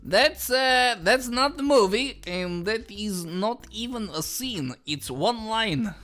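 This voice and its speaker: High-voiced sarcastic man improvising. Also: lively intonation, slow pace, a bit bright, soft background music. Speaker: podcast co-host. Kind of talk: improvised comedy role-play.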